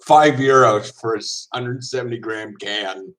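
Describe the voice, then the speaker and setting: A man's voice: fairly low pitch, unhurried, a bit bright, rough recording. A man from the United States chatting casually as a vlogger, wry and sarcastic. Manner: wry, sarcastic, laughs often. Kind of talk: casual chat.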